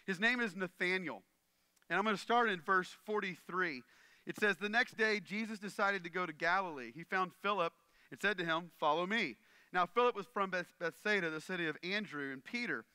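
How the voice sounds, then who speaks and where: A man's voice: high-pitched, a little fast, pushed and bright, smooth, dry recording. A male pastor preaching a sermon in an earnest, conversational way, often checking in with his listeners.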